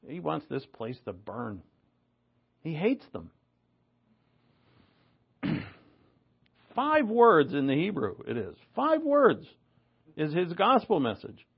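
Gravelly guy preaching, gets loud then drops low, kinda muffled lo-fi audio. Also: slow pace, pauses often. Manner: animated, shifts between loud emphasis and low asides. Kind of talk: sermon.

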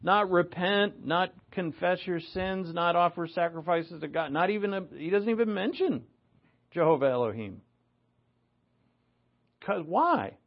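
A man preaching a sermon in a gravelly voice, sitting a little higher than most men. He swings between loud, drawn-out emphasis and quiet low asides. The recording sounds dull and lo-fi. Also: lively intonation.

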